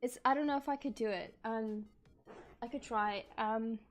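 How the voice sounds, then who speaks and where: A woman's voice: fairly high pitch, fairly even intonation, normal speed, soft background music. A woman streamer chatting casually while she sculpts, reading chat aloud, laughing often and apologizing.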